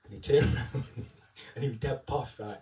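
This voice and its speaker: A man's voice: medium pitch, normal speed, darkish tone. Chatty man, echoey and distant. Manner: chatty storyteller, tags lines with "right?". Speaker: tribute singer. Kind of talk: casual live-stream chat. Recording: echoey room, distant mic.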